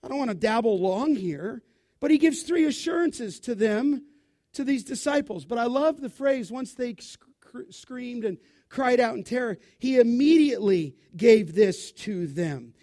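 High-voiced emphatic preacher man. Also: expressive, a little slow. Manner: emphatic, calls out questions to the congregation; swings between loud bursts and quiet asides. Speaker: pastor. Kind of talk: sermon.

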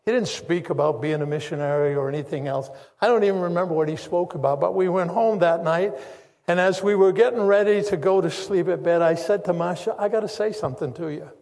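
A man's voice: sits high, a little fast, a little mellow. An older man preaching a sermon, telling his story in an earnest way and repeating phrases for weight. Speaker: pastor. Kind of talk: sermon testimony. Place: church sanctuary. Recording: long reverb of a church hall.

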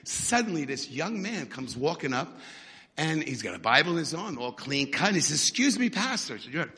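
A man preaching a fiery sermon, often shouting and building to fervent peaks. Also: a little high, lively intonation, normal speed, slightly rough, in a large hall.

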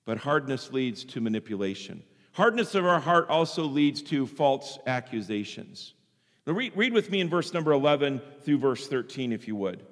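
A man preaching a sermon in an animated way, sometimes acting out the voices of the people he quotes. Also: mid-range voice, normal speed. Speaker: pastor. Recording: long hall reverb.

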